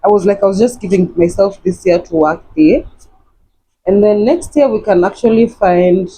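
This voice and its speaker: A chatty young woman from Kenya talks straight to her followers as she gets ready at home. Her voice sits at an ordinary pitch, and she rambles and repeats herself like she's catching up with friends. A faint hum of background noise runs under the recording. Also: moderate pace, warm tone, poor audio. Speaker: vlogger. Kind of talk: casual chatty vlog.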